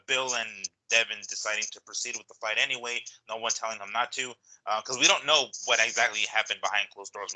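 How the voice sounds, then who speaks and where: Blunt low-voiced male co-host. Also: bright, forceful tone, rough recording. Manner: blunt, swears, halting restarts. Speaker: podcast co-host. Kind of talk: casual chat.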